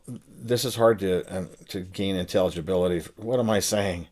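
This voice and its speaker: Deep-voiced older man teaching music. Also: normal speed. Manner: relaxed, thinks aloud with fillers, demonstrates emphasis. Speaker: saxophone teacher and author. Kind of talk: casual spoken lesson to camera.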